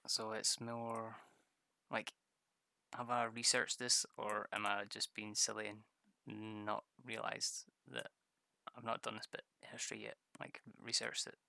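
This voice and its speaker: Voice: medium pitch, little pitch movement, measured pace, creaky, pushed and bright, no room sound. A streamer chatting casually while drawing maps, rambling, swearing freely, often laughing at themselves.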